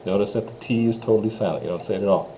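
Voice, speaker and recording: A man teaching French pronunciation, saying phrases slowly for students to repeat and explaining the sounds in plain, encouraging words. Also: on the low side, darkish tone, slight background noise, poor audio. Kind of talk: classroom pronunciation lesson.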